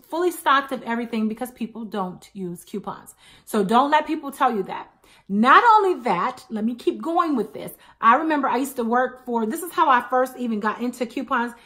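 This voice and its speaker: A woman's voice: on the high side, fairly bright tone. A woman in her thirties chatting to camera as a couponing vlogger, telling stories with emphatic asides. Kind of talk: casual chat to camera.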